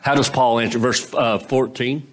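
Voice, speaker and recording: A man preaching a sermon in a conversational style, posing rhetorical questions to the congregation, his pitch swinging between raised and low. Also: fairly even intonation, moderate pace. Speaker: pastor.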